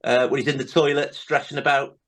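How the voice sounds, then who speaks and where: A man's voice: mid-range voice, little pitch movement, brisk, fairly bright tone. A man hosting a podcast, chatting casually and retelling comedy scenes with many tag questions. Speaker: podcast host. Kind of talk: casual chat.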